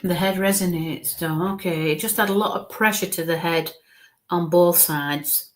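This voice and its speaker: Hushed, halting woman medium. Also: lowish voice, fairly even intonation. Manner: halting, coaxing, murmurs soft asides. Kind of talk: live spirit reading.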